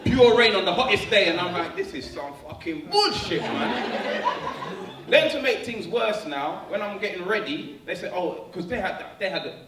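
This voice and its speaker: A man telling a stand-up story, animated and slangy, laughing at his own jokes. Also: high-pitched, brisk, hardly any pauses, crowd noise. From London. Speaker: stand-up comedian. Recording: echoey room, distant mic, faint noise.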